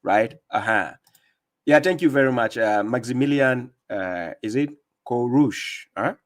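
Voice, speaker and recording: A man's voice: medium pitch, measured pace. A man with a non-native English accent hosting a live stream, reading viewer comments aloud and commenting emphatically, often repeating his words. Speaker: livestream host.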